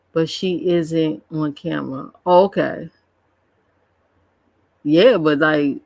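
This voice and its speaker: A woman's voice: on the low side, no room sound. A woman streamer chatting casually on a live stream, gossiping and laughing often as she reacts to online drama. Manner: gossipy, laughs often, drawn-out slangy commentary.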